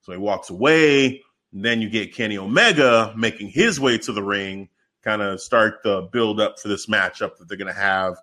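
A man co-hosting a podcast, telling stories in a loose, slangy, animated way. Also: fairly low pitch, normal speed. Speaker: podcast co-host. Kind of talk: casual chat.

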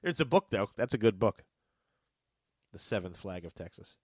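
A man's voice: fairly low pitch, very animated, darkish tone, breathy edge, no echo, clean studio sound. A man co-hosting a trivia podcast, chatting casually with jokes and rambling asides. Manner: joking, rambling, quick asides. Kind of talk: casual chat.

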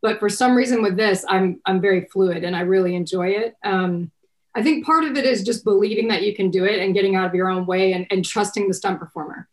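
A woman's voice: medium pitch, brisk. A middle-aged woman from Texas, an actress chatting casually in an interview, rambling with many restarts and fillers. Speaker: actress guest.

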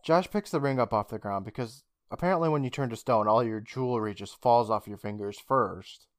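A man co-hosting a casual podcast, retelling a show's scenes with quick character lines and frequent laughs. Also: mid-range voice, no room sound, clean studio sound. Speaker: podcast co-host. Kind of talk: casual recap chat.

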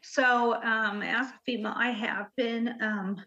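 A woman guest telling her own story in an interview, earnest and halting, with many fillers. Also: a little high, steady tone, bright, forceful tone. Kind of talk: personal interview talk. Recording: muffled lo-fi audio.

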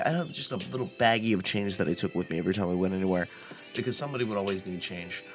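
A man hosting a casual storytelling podcast, telling a story in a laid-back, rambling, profane way. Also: fairly low pitch. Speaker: podcast host.

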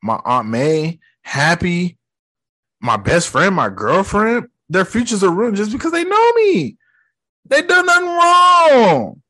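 A man's voice: fairly high pitch, very animated, takes it slowly, bright, forceful tone, full character voice. A man voicing a young male hero who pleads in slangy, urgent words. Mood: upset.

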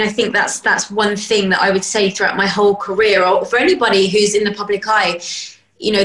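A woman talks as a podcast guest, reflective and open, pausing to find her words. The sound is roomy, with a clear echo around her. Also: mid-range voice, a bit bright. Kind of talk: casual podcast conversation.

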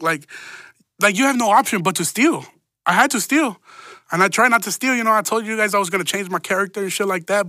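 A man's voice: high-pitched, bright, forceful tone, no room sound, studio quality. A man hosting a podcast, telling stories in a rambling, profane, laid-back way full of slang. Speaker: podcast host. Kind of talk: casual solo podcast storytelling.

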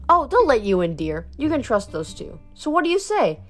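A woman's voice: sits high, very animated, moderate pace, soft background music, voice pushed up. Woman putting on a sly cackling old goddess. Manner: wheedling and cackling.

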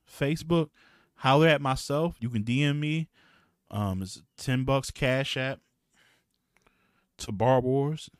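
A man hosting a battle rap podcast, talking in a loose, slangy, profane and rambling way, clearing his throat now and then. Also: medium pitch, slow, long pauses, dry recording, studio quality. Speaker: podcast host and battle rap league promoter. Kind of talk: casual podcast talk.

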